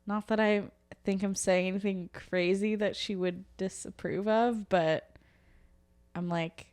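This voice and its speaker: A woman's voice: mid-range voice, steady tone, a little slow, a little mellow. Young woman co-host, dry humor, casual storytelling. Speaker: podcast co-host. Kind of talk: casual chat.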